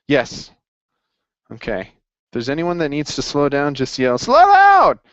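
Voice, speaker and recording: A man's voice: medium pitch, dry recording, dull audio. A man running a casual accounting review session, upbeat and jokey as he encourages his students. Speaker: accounting tutor.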